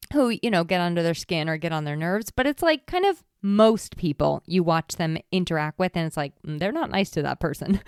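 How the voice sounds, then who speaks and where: A middle-aged woman hosts her own podcast, talking alone in a chatty, encouraging way with frequent little laughs. Her voice is smooth and clear at a medium pitch. The recording is dry and close. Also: no echo. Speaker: podcast host. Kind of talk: solo podcast talk.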